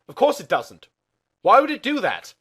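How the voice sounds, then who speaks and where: A man voicing a smug know-it-all male detective who lectures in a loud, condescending way. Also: very high voice, huge pitch swings, normal speed, slightly rough, pitched above the performer's own voice, exaggerated voice. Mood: lecturing.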